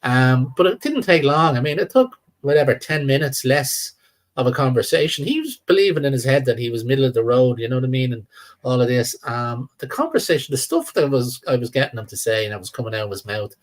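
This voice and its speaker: A man's voice: medium pitch, big pitch swings, fairly quick. An older Irish man talking in a rambling, repetitive way as a guest on a live-stream chat. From Ireland. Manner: rambling, repeats words, trails off.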